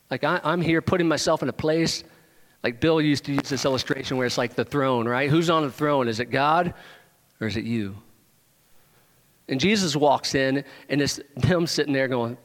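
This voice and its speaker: Animated male preacher in a reverberant hall. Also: medium pitch, normal speed. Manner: animated, rising to emphatic questions, joking with the congregation. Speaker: pastor. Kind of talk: sermon.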